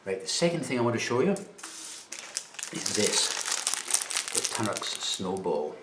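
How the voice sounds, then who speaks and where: Very animated yet slow, a Scottish man with a lowish voice tastes snacks and talks about them on camera in a dry, chatty manner. Background noise and room echo are audible.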